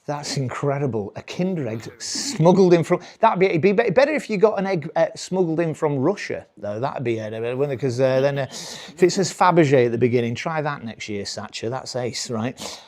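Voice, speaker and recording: British male comedian in his forties, slightly high voice, rambling stand-up delivery. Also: lively intonation, moderate pace, darkish tone. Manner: rambling, self-interrupting, chuckling. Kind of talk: live stand-up.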